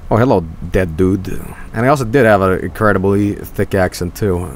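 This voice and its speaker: Male streamer, somewhat low voice, loose jokey game commentary with swearing, faint noise underneath. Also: moderate pace. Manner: joking, excitable, swears freely. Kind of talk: casual gameplay commentary.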